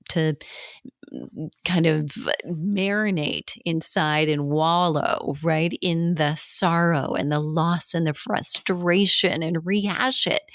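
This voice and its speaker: Low-voiced woman teaching coaching tips. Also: no room sound, clean studio sound. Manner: conversational, repeats points for emphasis. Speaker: coaching instructor. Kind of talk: informal teaching talk.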